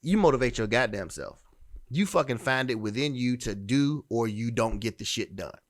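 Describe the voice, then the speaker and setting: A man's voice: mid-range voice, animated, normal speed. A man hosts a dating commentary podcast in a mid-range voice. He talks bluntly and emphatically, swearing freely and often restarting his sentences as he drives a point home. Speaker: podcast host.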